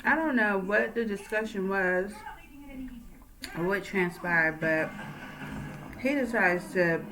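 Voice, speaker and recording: A woman's voice: medium pitch, slow pace, fairly bright tone, rough recording. A woman casually retelling a true crime story in a chatty, conversational way, with fillers. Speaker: storyteller, channel host.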